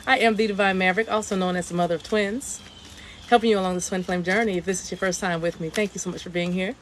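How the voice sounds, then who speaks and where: Talking fast in a mid-range voice with fairly even intonation, a woman runs a livestreamed spiritual reading from her outdoor deck. She chats casually, repeats herself and breaks into chanted light language, all over a slight hiss or hum.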